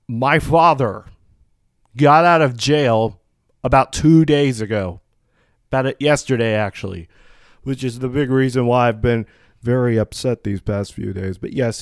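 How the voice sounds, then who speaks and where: A solo podcast host, he reads out news items before ranting, restarting himself again and again as he rambles in a fiery, foul-mouthed, outspoken way. His voice is medium in pitch, recorded cleanly in a studio with no room sound.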